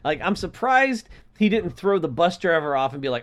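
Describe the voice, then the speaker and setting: A man co-hosting a podcast, telling a story in casual chat. His voice sits a little high. He acts out the people in his story with animated voices. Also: moderate pace. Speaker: podcast co-host.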